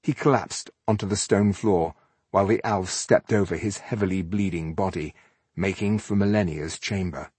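A man narrating a fantasy audiobook in a measured, even storytelling manner. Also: deep voice, slightly rough, dry recording.

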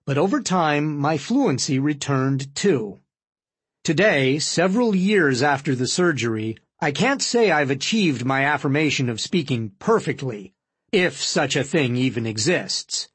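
A man with a somewhat nasal voice narrating his own memoir as an audiobook, in an earnest, reflective, measured reading. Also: on the high side, lively intonation, fairly bright tone, breathy edge, no room sound.

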